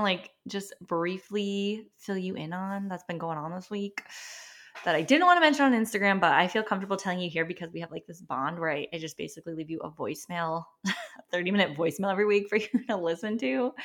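A woman's voice: medium pitch, a bit bright. A woman in her thirties hosting a solo podcast, talking casually and emotionally with many fillers and frequent laughs. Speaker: podcast host.

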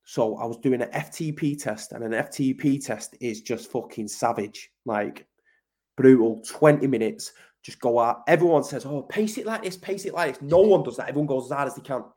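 A man's voice: medium pitch, moderate pace, mellow. Blunt, sweary English man. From Manchester, UK. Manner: blunt, sweary, emphatic, keeps saying mate. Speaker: podcast guest. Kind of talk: casual conversational interview.

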